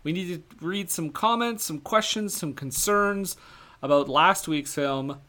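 A man's voice: fairly high pitch, measured pace, bright, forceful tone. A young man from Quebec co-hosting a podcast, casual and easygoing, often laughing. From Quebec, Canada. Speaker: podcast co-host. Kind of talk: casual chat.

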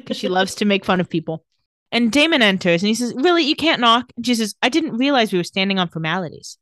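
A woman's voice: mid-range voice, lively intonation, fast talker, a bit bright, no room sound, clean studio sound. A woman in casual chat, recapping TV scenes and acting out the characters' lines. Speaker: podcast co-host recapping a TV episode.

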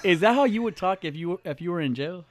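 A man's voice: high-pitched, animated, fast. A young man hosting a podcast, chatting casually, joking and swearing freely in a small studio. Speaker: podcast host.

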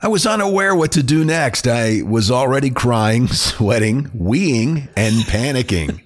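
A man's voice: mid-range voice, lively intonation, unhurried. A man hosting a podcast, reading a listener's funny email aloud with amusement and often breaking into laughter. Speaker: podcast host.

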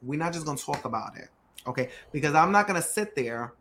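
A man who runs a growth firm for startups, telling stories on a podcast with lively energy, acting out quotes and hammering key words through repetition. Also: on the high side, quick pace, a little hiss or hum. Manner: animated storyteller acting out quotes; emphatic, repeats key words. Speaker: startup growth CEO guest. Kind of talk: podcast interview conversation.

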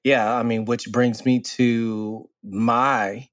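A man's voice: medium pitch, level tone, extremely slow, no room sound, clean studio sound. A man co-hosting a casual podcast, easygoing and playful as he banters and cheers his co-host on.

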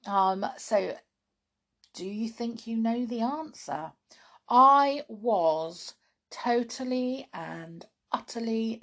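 A woman's voice: on the high side, expressive, drawn-out words. A British woman hosting a children's podcast, chatting playfully to young listeners about riddles and fun facts, often laughing.

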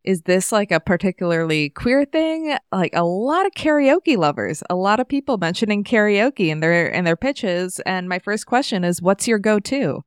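A woman hosting a podcast, asking questions in a relaxed, conversational way and laughing often. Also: mid-range voice, normal speed, hardly any pauses, smooth, dry recording, studio quality. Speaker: podcast host. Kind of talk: casual interview.

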